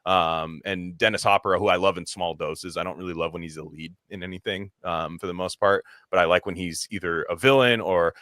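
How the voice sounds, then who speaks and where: A man's voice: sits low, steady tone, brisk, few pauses, a bit bright, dry recording, studio quality. A man co-hosting a podcast, talking in a rambling, profane way and slipping into mocking voices. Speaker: podcast co-host. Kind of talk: casual chat.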